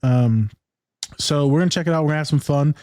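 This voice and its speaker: A man's voice: on the high side, fast, warm tone, no echo, clean studio sound. A man co-hosting a podcast as a therapist, chatting casually with irreverent jokes and swearing.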